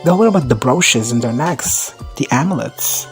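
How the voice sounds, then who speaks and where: A man recaps an episode in loose, chatty talk, laughing often and swearing freely. His voice sits at an ordinary middle pitch. Soft music plays faintly underneath. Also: animated, normal speed. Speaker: recap commentator. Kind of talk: casual profane recap commentary.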